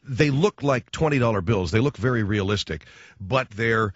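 A male radio talk host rambles through a comic monologue, his pitch leaping up and down as he jokes and acts out little scenes. The sound is dry and close, a bit dull, as from an old studio broadcast. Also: lively intonation, moderate pace, no room sound.

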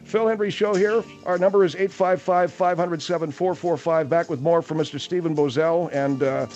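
A man's voice: fairly high pitch, fairly even intonation, a little mellow, dull audio, soft background music. Wry male talk radio host. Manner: wry, mocking, drawn-out asides.

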